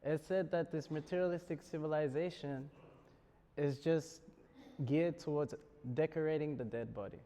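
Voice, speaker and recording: A man's voice: fairly high pitch, moderate pace, dark tone. A man with an Australian accent giving a lecture to students, joking and chuckling often as he talks. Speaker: spiritual speaker. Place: university lecture hall. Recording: long hall reverb.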